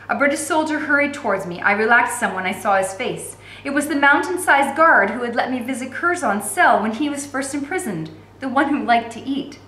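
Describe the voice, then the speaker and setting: A woman reading a novel aloud with expressive storytelling and occasional commentary as a teacher. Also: medium pitch, moderate pace, echoey room. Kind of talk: read-aloud narration with commentary.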